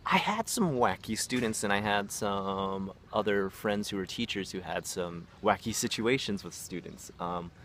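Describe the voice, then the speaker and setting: A man's voice: fairly low pitch, expressive, moderate pace, few pauses, a bit bright, a little hiss or hum. A man telling stories about teaching English in a casual, rambling vlog, with many fillers and acted-out quotes. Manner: rambling, filler-heavy, acts out quoted voices. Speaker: vlogger, former English teacher.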